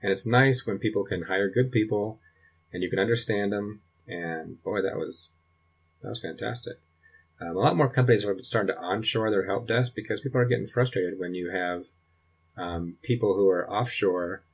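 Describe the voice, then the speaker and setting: A man's voice: fairly low pitch, normal speed, slightly rough. A middle-aged man walking through a computer setup at home, thinking aloud and rambling with restarts. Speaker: dad recording a computer tutorial. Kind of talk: casual screen-recording walkthrough. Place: home in Colorado.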